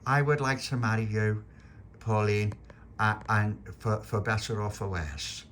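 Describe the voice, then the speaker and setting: A man's voice: fairly low pitch, measured pace, a bit bright, slight background noise. A man voicing a chatty, helpful barman who rambles and repeats himself as he gives instructions. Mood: instructing.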